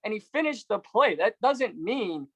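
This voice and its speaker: A man's voice: high-pitched, lively intonation, fairly bright tone, no room sound, poor audio. A man hosting a podcast interview, talking conversationally, telling stories and agreeing readily with his guest. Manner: conversational, storytelling, quick to agree. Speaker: podcast host.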